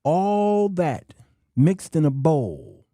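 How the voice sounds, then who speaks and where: A middle-aged man hosting a talk show, delivering a slow, emphatic monologue to men with long dramatic pauses. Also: fairly high pitch, huge pitch swings, mellow, dry recording, clean studio sound.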